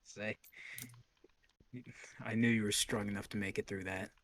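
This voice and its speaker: A man playing a tabletop role-playing game, narrating his character's actions in a deliberate, theatrical way. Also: on the low side, little pitch movement, fairly bright tone. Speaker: player. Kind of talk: casual tabletop role-play.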